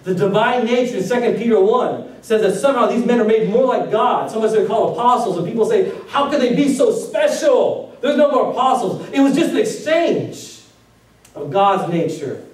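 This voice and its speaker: A man's voice: sits high, lively intonation, normal speed, darkish tone. A man preaching a sermon as pastor, firing off rhetorical questions at his congregation. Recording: very echoey room, voice from a distance.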